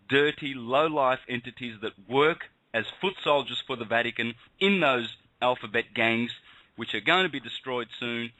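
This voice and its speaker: Male radio host, fired-up and insistent, bright forceful tone, dry close mic. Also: medium pitch, dry recording, low-quality recording. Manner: impassioned, emphatic ranting. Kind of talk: heated call-in radio talk.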